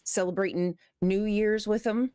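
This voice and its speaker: A woman's voice: mid-range voice, steady tone, normal speed, warm tone, clean tone, no room sound, clean studio sound. A woman co-hosting a live talk show, speaking bluntly and emphatically about politics, with plenty of swearing. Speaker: co-host of a call-in show. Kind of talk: casual political chat.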